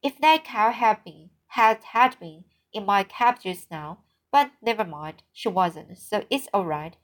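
A woman's voice: mid-range voice, animated, close to an everyday voice, poor audio. Woman reading as a blunt old farmer. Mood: gruff. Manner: blunt, brisk, plain-spoken. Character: outspoken, hasty older male farmer.

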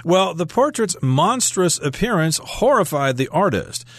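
A man's voice: high-pitched, sing-song, unhurried, no room sound. A man co-teaching a radio English lesson, explaining words plainly and simply.

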